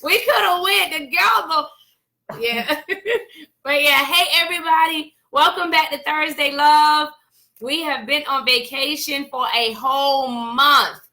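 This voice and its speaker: A woman's voice: high-pitched, measured pace, sharp tone. A woman co-hosting a church live-stream show, chatting casually and teasingly greeting viewers by name.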